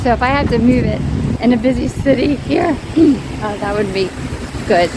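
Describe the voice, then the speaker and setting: A woman's voice: mid-range voice, very noisy. A woman vlogging casually on a rainy city street, chatty and rambling, with many ums. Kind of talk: casual vlog narration.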